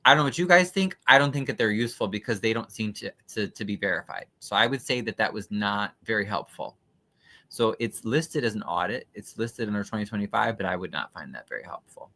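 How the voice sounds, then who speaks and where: A man's voice: on the low side, lively intonation, a little fast, bright, forceful tone. A man hosting a casual livestream, commenting skeptically and chattily on documents he reads aloud, with frequent fillers. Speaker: livestream host.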